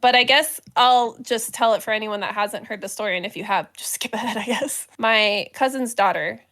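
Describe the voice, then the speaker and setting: A woman's voice: on the high side, normal speed, a bit bright. A woman co-hosting a casual podcast chat, telling stories with frequent giggles. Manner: giggly, storytelling. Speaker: podcast co-host.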